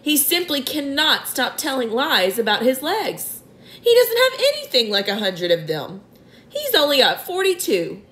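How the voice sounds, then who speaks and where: A woman's voice: high-pitched, huge pitch swings, normal speed, fairly bright tone, voice pushed up, heavily acted. A woman voicing a prim, scolding male earthworm in a storybook reading. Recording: roomy echo.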